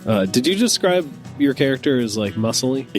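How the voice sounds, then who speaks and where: A man's voice: medium pitch, expressive, moderate pace, soft background music. A man playing a tabletop game, talking casually and hesitantly, thinking aloud with fillers. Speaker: player. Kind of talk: casual chat.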